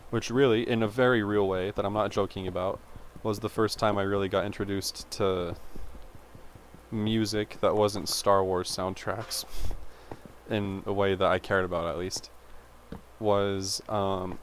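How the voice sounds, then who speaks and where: A young man with a fairly low voice tells a meandering childhood story in a chatty, self-interrupting way, filling it with "like" and side tangents. Faint room ambience sits behind him. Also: flat delivery, measured pace, slight background noise. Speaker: vlogger. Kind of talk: rambling personal storytelling.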